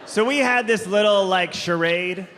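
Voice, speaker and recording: A man performing a stand-up comedy set on stage, telling stories deliberately and drawn out, with quick asides. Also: sits high. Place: large theater stage. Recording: live comedy hall with long reverb, faint crowd noise.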